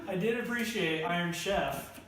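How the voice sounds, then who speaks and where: Young guy reviewing films, slightly high voice, mic far off in a boomy room. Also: a bit bright. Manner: thoughtful, measured, hams up quotes. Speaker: film reviewer. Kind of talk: casual roundtable chat. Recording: echoey room, distant mic, faint hiss.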